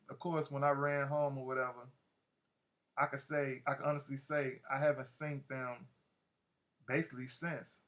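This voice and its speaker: A man's voice: medium pitch, fairly bright tone. A man narrating a first-person audiobook in a loose, slangy, conversational way. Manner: loose, slangy, many "like" fillers.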